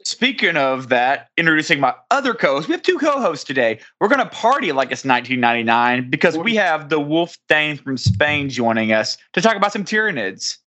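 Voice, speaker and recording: A man's voice: a little high, sing-song, brisk, hardly any pauses, bright, forceful tone. A man hosting a tabletop gaming podcast, introducing guests with playful, joking banter. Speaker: podcast host.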